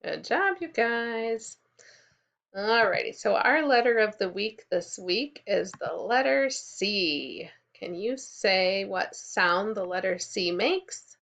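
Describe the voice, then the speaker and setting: A woman teaching a kindergarten class in a recorded lesson, speaking clearly and encouragingly and prompting the children to repeat after her. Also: medium pitch, animated, a little slow, fairly bright tone.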